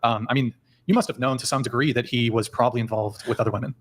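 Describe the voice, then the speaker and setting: A man's voice: mid-range voice, fairly even intonation, fast, a little hiss or hum. A man hosting a podcast, putting pointed, skeptical questions to a guest. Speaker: podcast host. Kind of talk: probing interview questions.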